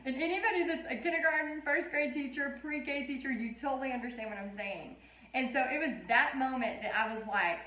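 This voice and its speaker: A woman's voice: high-pitched, fairly quick, pushed and bright. A woman in her thirties, an art teacher chatting and telling stories while she leads a casual live painting tutorial. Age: 30s. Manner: chatty, rambling storyteller. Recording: roomy echo.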